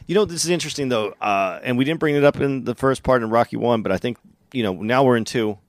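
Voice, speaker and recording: A man's voice: medium pitch, quick pace, no echo. A man co-hosting a podcast in casual chat, asking curious questions in a conversational way. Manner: inquisitive, conversational. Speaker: podcast co-host.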